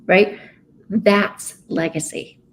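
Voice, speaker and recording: A woman's voice: medium pitch, fairly even intonation, drawn-out words, fairly bright tone. A woman, a business coach, speaking as a podcast guest in an emphatic way, often asking "right?". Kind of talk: podcast interview.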